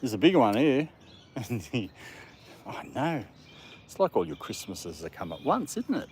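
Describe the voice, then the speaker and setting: A man's voice: medium pitch, a little slow. Chatty man walking his dog outdoors. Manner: chatty, talks to his dog in a lively sing-song voice. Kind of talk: casual live-stream chat. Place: outdoors in a park. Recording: faint outdoor background noise.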